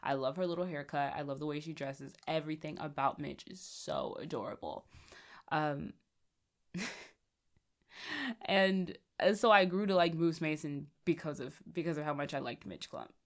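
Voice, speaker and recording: A woman's voice: deep voice, moderate pace. A woman hosting a podcast, chatting casually and joking as she reviews comics, often breaking into laughter. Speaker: podcast host.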